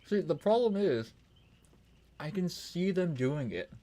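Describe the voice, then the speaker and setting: A man's voice: fairly high pitch, mellow. A man streaming a game, chatting in a loose, rambling way and swearing often. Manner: rambling and profane, full of "it's like". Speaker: gaming streamer. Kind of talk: casual gaming stream chat.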